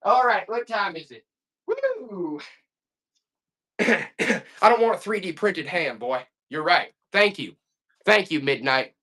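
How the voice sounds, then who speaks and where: A man's voice: high-pitched, big pitch swings, takes it slowly, long pauses, bright, forceful tone. A man hosting a casual live-selling stream, rambling and getting fired up in folksy rants between items. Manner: folksy, calls listeners "boy". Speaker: live auction seller.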